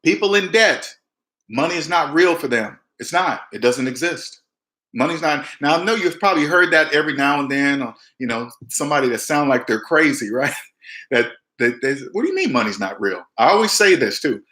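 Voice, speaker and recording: A man giving emphatic personal finance advice straight to camera, mimicking people with big jumps in pitch. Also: lively intonation, normal speed, sharp tone, roomy sound. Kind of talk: direct-to-camera advice talk.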